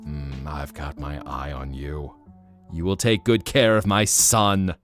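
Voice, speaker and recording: A man's voice: extremely low pitch, steady tone, takes it slowly, fairly bright tone, faint music behind, voice pushed down, full character voice. A man voicing a protective mother dog who is blunt and threatening. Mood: menacing.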